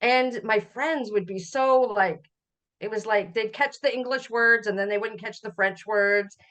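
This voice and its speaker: A middle-aged Canadian woman, a podcast guest, telling family memories in a relaxed conversational way, often laughing as she recalls. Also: mid-range voice, unhurried. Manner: warm storytelling, laughs while recalling. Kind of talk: conversational interview.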